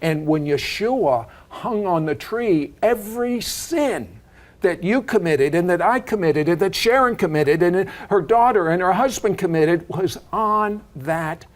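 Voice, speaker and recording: A man's voice: sits high, animated, measured pace. An older man hosting a faith talk show, explaining earnestly and emphatically.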